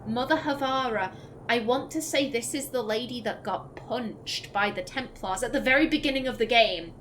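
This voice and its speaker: A woman's voice: on the high side, slight background noise, poor audio. Emotional woman reading game lore aloud. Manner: emotional, reads verse gently, then chats with quick laughing asides. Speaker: let's play host. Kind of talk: reading in-game texts aloud with casual commentary.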